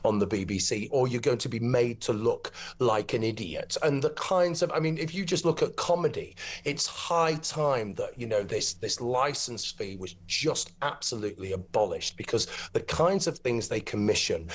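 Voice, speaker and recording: A man giving forceful, combative opinions as a talk radio pundit. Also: mid-range voice, expressive. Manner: emphatic, combative, fast flowing. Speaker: talk show co-host or pundit.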